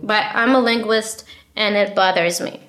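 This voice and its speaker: A young woman in a casual interview, talking quickly and bluntly about her own story, swearing freely and filling her talk with "like" and "right?". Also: mid-range voice, fairly even intonation, a bit bright. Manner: fast, blunt and passionate, swears a lot; many fillers like "like" and "right?".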